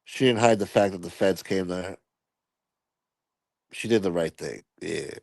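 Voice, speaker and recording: A man's voice: sits low, normal speed, creaky, a little mellow, dry recording. A man hosting a channel, telling stories in a laid-back, rambling, crude way. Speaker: channel host. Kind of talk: casual storytelling commentary.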